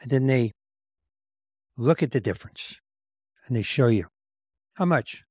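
A man's voice: medium pitch, moderate pace, a little mellow, breathy edge, no echo, clean studio sound. A man hosting a podcast, telling self-deprecating comic stories in a wry, conversational way and acting out what others said to him. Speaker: podcast host. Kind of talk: comedic conversational storytelling.

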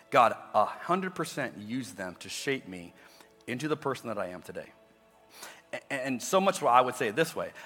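A man's voice: medium pitch, pushed and bright. A man preaching a sermon as a pastor, talking conversationally with frequent restarts. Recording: long reverb with faint music.

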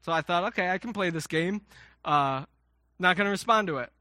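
A man's voice: high-pitched, brisk, pushed and bright, dry recording, clean studio sound. A man in his thirties preaching a sermon, conversational and self-mocking, often acting out quotes and asides. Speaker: pastor.

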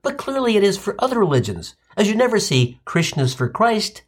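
A man's voice: high-pitched, very animated, a little fast, breathy edge. A man telling a comic monologue, wisecracking and sardonic, sprinkling in Yiddish. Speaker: comedic storyteller.

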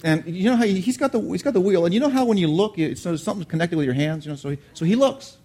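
A middle-aged man preaching a sermon, telling a lively childhood story and asking the congregation questions along the way. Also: high-pitched, fast, slight background noise. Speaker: pastor.

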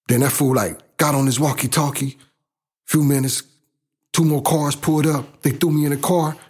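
Man with a slightly high voice, telling a blunt, profane story. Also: moderate pace, breathy edge. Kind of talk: casual spoken life story.

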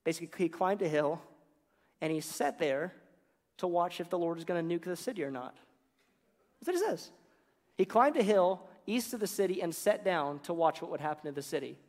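A preacher delivers a sermon as loose, joking storytelling, slipping slangy asides into the scripture he retells. His voice is a little high for a man, animated, a little fast and a little mellow, ringing with the long reverb of a big hall.

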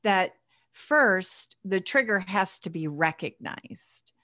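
A woman's voice: mid-range voice, animated, takes it slowly, bright, forceful tone, no echo, clean studio sound. A woman hosting a podcast interview, upbeat and chatty, laughing often. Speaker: podcast host.

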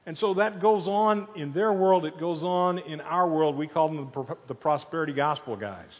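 A man preaching a sermon as pastor, telling the story in a lively, conversational way and leading the crowd in chants. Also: on the high side, moderate pace. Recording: dull sound in a long-echo hall.

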